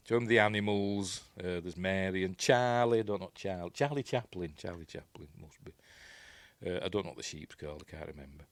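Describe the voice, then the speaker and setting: Yorkshire man, lowish voice, dry close sound, rambling film recap full of asides. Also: no echo. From Yorkshire, England. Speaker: film reviewer.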